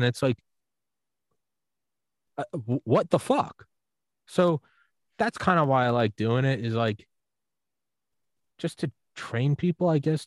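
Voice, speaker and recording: Profane, animated man hosting a podcast. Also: medium pitch, no echo. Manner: profane, animated storytelling with acted-out quotes. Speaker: podcast host. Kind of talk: casual podcast chat.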